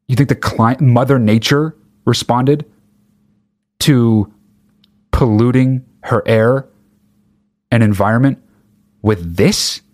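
A man ranting with sarcasm and heavy swearing, mocking others in high put-on voices. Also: takes it slowly, pauses often. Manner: angry, sarcastic, swears a lot. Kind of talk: profane ranting monologue.

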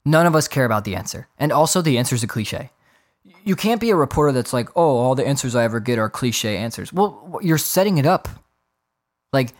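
A man's voice: medium pitch, lively intonation, brisk. A man hosting his own podcast in a casual solo rant, exasperated and profane, often mocking others in put-on voices. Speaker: podcast host.

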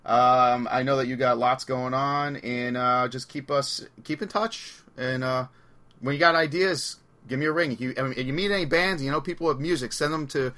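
A man's voice: medium pitch, moderate pace, bright, forceful tone. A man hosting a podcast, telling rambling stories in casual chat and laughing as he goes. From Long Island, New York. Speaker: podcast host.

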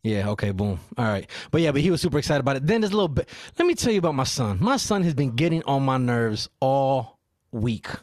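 A father in casual chat, telling animated stories and acting out what people said. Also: medium pitch, fast, no room sound, clean studio sound. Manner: animated storyteller who acts out quotes.

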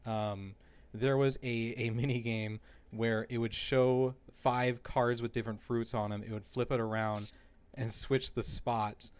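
A man hosting a casual podcast chat, telling stories in an animated way and laughing often. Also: mid-range voice, unhurried, smooth. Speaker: podcast host.

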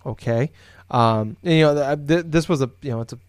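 A man's voice: mid-range voice, brisk, dry recording. A man with a mid-range voice tells a story in casual podcast chat, full of fillers and restarts. The sound is dry and close, recorded at home. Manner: rambling, lots of fillers and restarts. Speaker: podcast co-host. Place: home office, indoors.

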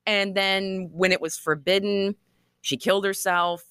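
A woman author being interviewed, telling stories in a chatty, animated way with frequent laughs. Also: medium pitch, unhurried, smooth. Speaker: author and guest. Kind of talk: conversational storytelling interview.

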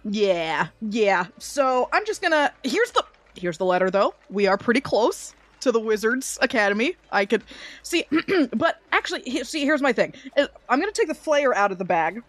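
A woman's voice: fairly high pitch, big pitch swings, moderate pace, no echo. A woman talking as a player in a tabletop role-playing game, rambling, correcting herself and swearing casually. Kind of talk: in-character tabletop play.

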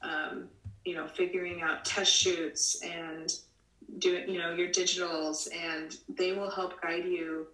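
A woman's voice: lowish voice, level tone, slow pace, fairly bright tone. A woman from the United States, a model in her late twenties or thirties, answering interview questions in a rambling way full of "you know" and restarts. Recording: roomy, from a distance.

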